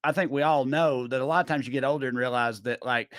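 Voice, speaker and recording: A man's voice: medium pitch, fairly even intonation, fast talker, no echo. Rambling man, dry studio voice. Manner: rambling, full of fillers, drops quiet mid-story. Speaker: podcast host. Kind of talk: casual chat, storytelling.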